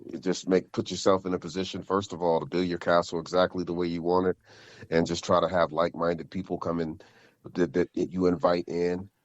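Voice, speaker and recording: A man co-hosting a casual podcast, talking haltingly and repeating words as he works through his thoughts. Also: low-pitched, little pitch movement, no room sound, lo-fi sound. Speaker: podcast co-host.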